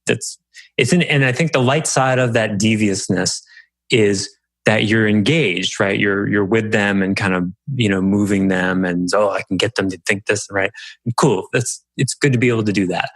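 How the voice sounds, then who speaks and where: A man hosting a podcast, coaching a guest in a calm, reflective way. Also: lowish voice, moderate pace, dry recording. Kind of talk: coaching conversation.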